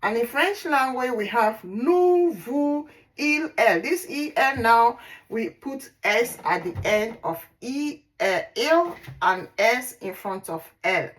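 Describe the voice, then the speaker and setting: A woman teaching a language lesson, saying words slowly and repeating them, with fillers and self-corrections. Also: on the high side, animated, a bit bright, poor audio. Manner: slow, deliberate, repeats words for practice. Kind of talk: slow spoken language lesson.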